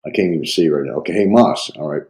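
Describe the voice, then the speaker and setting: A man with a low, mellow voice works through a grammar lesson while he has a cold. He pauses often, fills gaps with hesitant fillers and thinks aloud as he explains. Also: poor audio. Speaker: Greek instructor. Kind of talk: lecture reviewing grammar.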